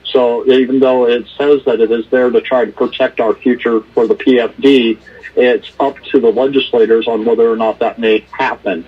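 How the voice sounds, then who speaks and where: A man's voice: medium pitch, steady tone, normal speed, slightly rough. A man calling in to testify at a hearing, speaking earnestly and firmly with some stumbling restarts. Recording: muffled phone line.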